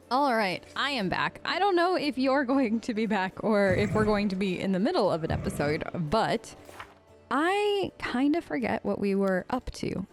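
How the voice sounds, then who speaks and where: Chatty woman narrating her gameplay. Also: mid-range voice. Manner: chatty, thinking aloud, giggly asides. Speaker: let's play host. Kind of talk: casual gameplay commentary.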